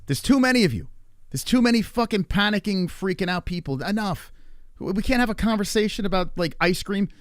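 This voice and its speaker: A man's voice: high voice, expressive, fairly quick, dry recording, studio quality. A man streaming a rambling, profane monologue with an exasperated manner. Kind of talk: ranting casual monologue.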